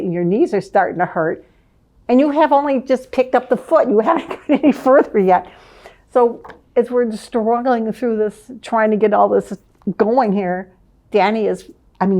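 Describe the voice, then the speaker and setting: An older woman, a former advertising manager, reminiscing in a lively storytelling way and laughing often. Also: mid-range voice. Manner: lively, laughs often, vivid scene-setting.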